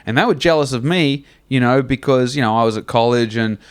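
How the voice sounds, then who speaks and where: A man's voice: medium pitch, fairly quick, smooth. A man, telling a profane comic story on a podcast. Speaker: podcast co-host. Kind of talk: casual comedic storytelling.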